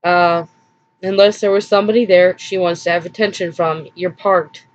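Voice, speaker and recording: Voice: medium pitch, steady tone, normal speed, lo-fi sound. A vlogger telling a personal story in a rambling, hesitant way, with nervous little laughs, sounding upset and drained.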